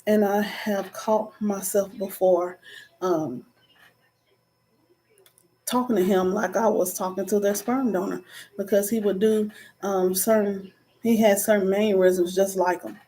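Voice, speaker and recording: Speaking a little slowly and pausing often, a vlogger in her thirties delivers an earnest, casual inspirational talk in a steady, dark, mid-range voice. She says um a lot and slips into preachy asides.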